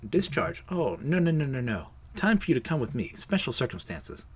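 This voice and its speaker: A man reading aloud a comic, voicing a sinister male hospital orderly who keeps apologizing in a hushed, falsely polite way. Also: fairly high pitch, sing-song, normal speed, breathy edge, heavily acted. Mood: creepy apologetic.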